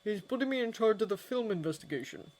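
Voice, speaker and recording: A woman voicing a brisk, sarcastic male wizard investigator in a fanfiction audiobook. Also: high-pitched, animated, a little mellow, voice pushed up. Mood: grim.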